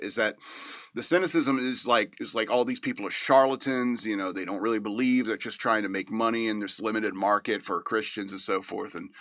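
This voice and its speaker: A man's voice: lowish voice, bright, forceful tone, no room sound, clean studio sound. A man hosting a show, giving a casual, rambling movie review with many fillers and chuckles. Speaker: podcast host reviewing a movie.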